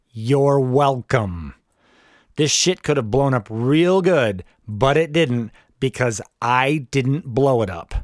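In clean studio sound with no room noise, a medium-pitched man narrates his memoir himself. He's in his forties, speaks in the first person, and adds dry, sardonic remarks along the way.

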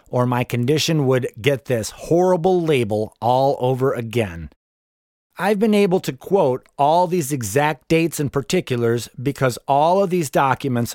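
A man's voice: mid-range voice, no echo, studio quality. A man in his forties reading his own memoir aloud in the first person, with wry, sardonic asides. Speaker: memoir narrator.

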